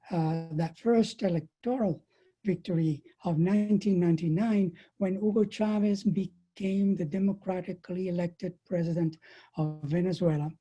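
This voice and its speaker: A woman speaks slowly and deliberately at an online webinar, leaning hard on key words. Her voice is very dark and a little husky. It sounds like a computer mic on a video call. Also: fairly low pitch, poor audio. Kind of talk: prepared political talk.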